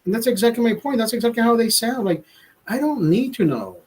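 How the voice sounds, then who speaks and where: A man's voice: extremely high pitch, big pitch swings, brisk, darkish tone, slightly rough, poor audio. Rambling, profane man on a livestream. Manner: rambling, profane, stammering restarts; laughs at own jokes. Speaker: livestream host. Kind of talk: casual livestream chat.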